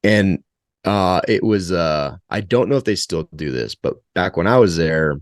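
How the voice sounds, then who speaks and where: Deep-voiced man telling stories, dry sound. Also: unhurried, no echo. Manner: rambling, many restarts, animated when telling stories. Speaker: guest. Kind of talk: conversational interview storytelling.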